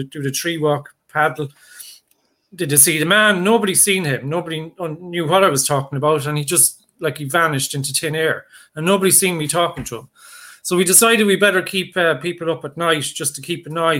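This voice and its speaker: A man recounting a folk tale in a loose, chatty way, doubling back on his words. His voice sits a little high, with a bright, forceful edge. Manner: rambling and conversational, with many fillers and restarts. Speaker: storyteller. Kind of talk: oral folk storytelling.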